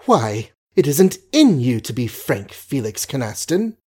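A man reading an audiobook, voicing a proud, wounded young society woman who talks eagerly, quickly and defiantly. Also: mid-range voice, big pitch swings, mellow, breathy edge.

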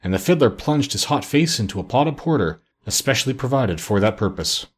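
A man narrating a classic story as an audiobook in a measured, expressive reading. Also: mid-range voice, husky.

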